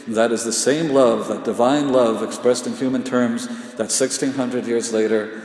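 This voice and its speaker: A man preaching a sermon in a slow, repetitive cadence with dramatic pauses, often sinking to a hushed intensity. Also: mid-range voice, fairly even intonation. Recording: echoey hall with long reverb.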